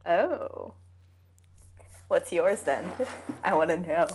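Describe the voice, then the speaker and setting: A woman's voice: lowish voice, drawn-out words, slight background noise. A young woman co-hosting a casual fan podcast, chatty and acting out scenes she describes. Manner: chatty, quotes scenes in animated voices. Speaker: podcast co-host.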